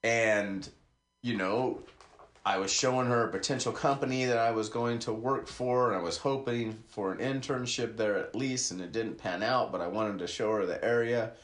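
A man's voice: on the low side, normal speed, echoey room. A man hosting a podcast, talking loosely and wandering from topic to topic while speaking straight to his listeners. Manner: loose, digressive, talks to listeners directly. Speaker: podcast host. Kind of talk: rambling casual monologue. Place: small community radio studio.

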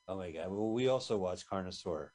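A man's voice: low voice, expressive, brisk, a little mellow. A man co-hosting a radio talk show, chatting casually and reminiscing with frequent restarts. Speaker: podcast co-host. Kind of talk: casual chat watching a film.

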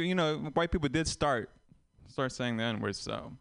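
A man's voice: a little high, lively intonation, moderate pace, vocal fry, few pauses, fairly bright tone. A young Vietnamese-born man doing a stand-up set, wry and self-mocking, rambling into asides to the crowd. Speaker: stand-up comedian.

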